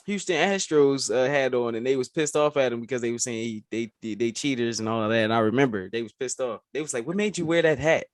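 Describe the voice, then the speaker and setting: A man co-hosting a podcast, chatting casually and excitedly about sports, saying "bro" often. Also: medium pitch, quick pace, few pauses, dry recording, clean studio sound. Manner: animated, says "bro" often. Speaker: podcast co-host.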